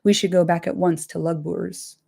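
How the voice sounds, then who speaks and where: A woman's voice: lowish voice, steady tone, normal speed, creaky, breathy edge. Woman reading as Grishnákh, a sneering evil orc. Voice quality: soft sneering voice. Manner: mocking, threatening. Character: sneering sly evil male orc messenger.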